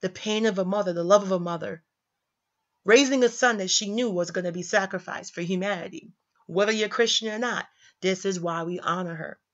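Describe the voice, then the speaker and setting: A young woman talks about her faith in a casual, slangy way, leaning hard on her points and repeating them for emphasis. Her voice sits at a middle pitch. The audio is a little dull and lo-fi. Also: fairly quick. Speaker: commentator. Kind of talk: casual religious commentary.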